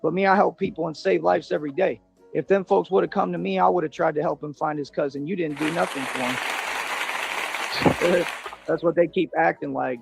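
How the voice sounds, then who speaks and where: A man in a played video clip, ranting and boasting in street slang, defiant toward his critics. His voice is gravelly and husky, pitched a bit high for a man, with faint music underneath. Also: fairly even intonation, brisk. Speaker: self-styled independent detective in a played video.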